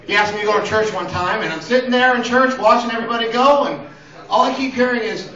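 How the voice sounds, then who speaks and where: A man's voice: very high-pitched, fast, pushed and bright. A man doing crude open-mic stand-up in a small comedy venue, rambling and acting out voices. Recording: roomy lo-fi sound from a distant mic.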